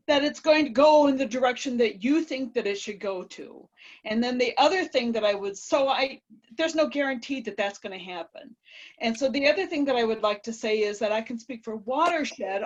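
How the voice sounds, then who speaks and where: A woman speaking at a board meeting over a video call, halting with fillers before pressing a pointed question. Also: a little high, muffled recording. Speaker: board member. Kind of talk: virtual board meeting remarks.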